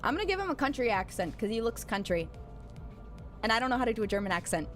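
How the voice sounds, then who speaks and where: A woman's voice: a little high, sing-song, fast talker, fairly bright tone. Young woman streaming a game, jokey and crude, rambly, faint music in the back. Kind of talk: casual livestream commentary.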